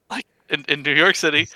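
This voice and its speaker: A man with a Mid-Atlantic American accent telling a story in casual chat, halting, with many fillers. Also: a little high, fairly even intonation, bright, forceful tone, no echo, poor audio. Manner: hesitant, filler-heavy storytelling.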